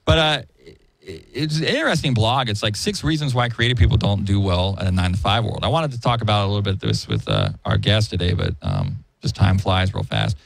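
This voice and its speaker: A man hosting a podcast in casual chat, telling stories animatedly and slipping into high-pitched impressions. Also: expressive, brisk, creaky, dry recording. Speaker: podcast host.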